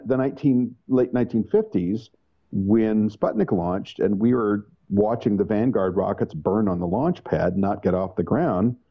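A man's voice: low voice, highs cut off. A man being interviewed as an author, telling a long story in a rambling way with fillers and self-corrections. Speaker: author and guest.

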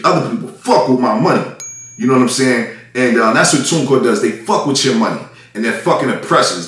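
A man's voice: mid-range voice, fairly bright tone. Man ranting heatedly in an echoey room. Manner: profane, heated, repetitive. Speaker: independent music artist. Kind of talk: angry ranting monologue. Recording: echoey room, mic at a distance.

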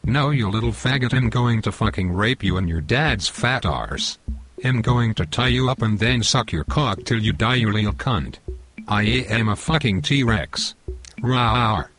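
A male text-to-speech voice playing a boastful, violent football hooligan, in a flat robotic delivery. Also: fairly low pitch, unhurried. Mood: boastful threats.

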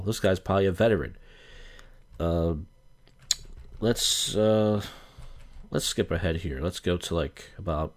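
A man with a very low voice hosts a live stream and comments on clips. His delivery is sarcastic and offhand, with dry jokes tossed in casually. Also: a little slow, long pauses. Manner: sarcastic, offhand, mock-impersonating.

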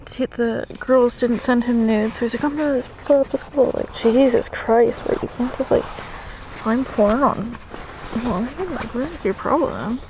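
A woman's voice: a little high, measured pace, noisy background. A woman vlogging casually, swearing a lot and often dropping into whispers. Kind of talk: casual reaction vlog.

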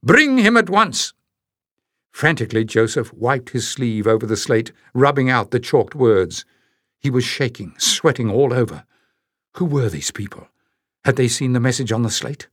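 Man reading a fantasy audiobook, steady storyteller, mid pitch, dry close mic. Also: moderate pace, slightly rough, dry recording. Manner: steady storytelling, switching into character voices. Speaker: audiobook narrator. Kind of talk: scripted narration.

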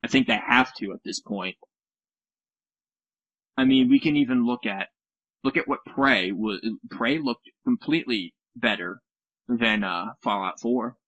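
A man's voice: medium pitch, unhurried, pauses often, a bit bright, dry recording, lo-fi sound. A man co-hosting a casual gaming podcast, rambling and sarcastic, often correcting himself. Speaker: podcast co-host.

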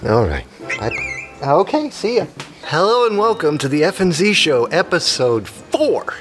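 Excitable, animated man in his fifties. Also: on the high side, a little slow, music in the background. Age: 50s. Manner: excitable, rambling, jokey. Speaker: podcast host. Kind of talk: rambling comedic podcast chat.

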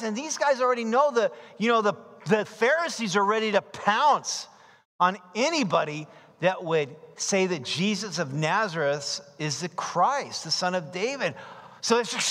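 A man preaching a verse-by-verse sermon, animated, acting out voices and shouting for emphasis. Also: sits high, moderate pace. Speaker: pastor. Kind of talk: expository sermon. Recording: long reverb of a large hall.

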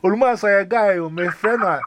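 A man with a Ghanaian accent chats casually on the phone. His voice sits a little high, and he rambles animatedly, restarting and exclaiming often. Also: fairly quick, background noise. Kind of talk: casual phone chat mixing Twi and English.

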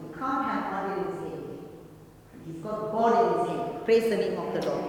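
A woman's voice: mid-range voice, a little mellow, slight background noise. A woman preaching a sermon, full of amens and glory to God. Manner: fervent, repeats amen and glory to God. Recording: echoey hall from far off.

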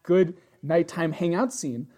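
A woman's voice: lowish voice, measured pace. A woman co-hosting a casual chat, recapping episodes and acting out the characters' lines. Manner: animated, acts out characters' lines. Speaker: podcast co-host.

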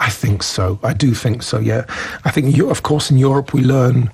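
A man's voice: mid-range voice, moderate pace, gravelly, darkish tone, breathy edge. A man from the south of England with a southern English accent, co-hosting a radio show and chatting about English with bits of Polish. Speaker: radio co-host teaching English. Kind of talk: bilingual radio chat. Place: radio studio.

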